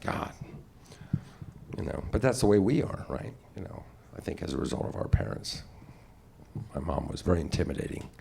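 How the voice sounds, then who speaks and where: Gravelly middle-aged male stand-up comic. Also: rumbling low, big pitch swings, moderate pace, a little mellow. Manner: wry, rambling, opinionated. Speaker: stand-up comedian. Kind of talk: stand-up comedy set. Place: comedy club stage. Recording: noisy live club recording.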